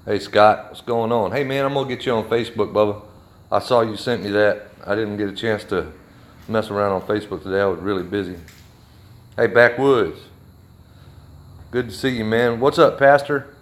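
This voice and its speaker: Guy going off on a live stream in his shop, blunt, kinda low voice. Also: moderate pace. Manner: heated, blunt, with a Southern drawl of words. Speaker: livestreamer. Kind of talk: angry live video rant. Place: his workshop.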